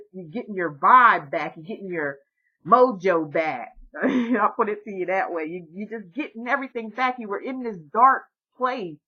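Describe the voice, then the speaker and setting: Excited woman giving a tarot reading. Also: mid-range voice, dull audio. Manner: excited, repetitive and encouraging. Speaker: tarot reader.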